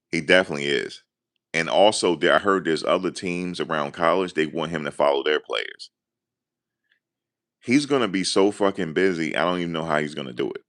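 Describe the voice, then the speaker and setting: Very deep-voiced excitable New man. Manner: excited, rambling, animated storytelling. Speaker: sports commentator. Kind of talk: casual fan commentary.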